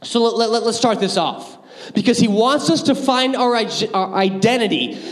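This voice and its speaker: High-voiced man preaching to youth in a hall. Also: normal speed. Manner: energetic, joking, animated storytelling. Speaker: youth pastor. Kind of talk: youth sermon. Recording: hall reverb.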